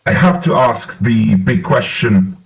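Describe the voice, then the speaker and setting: A man playing a tabletop game, speaking in a plain, measured way. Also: fairly low pitch, expressive, vocal fry, rough recording. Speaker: player.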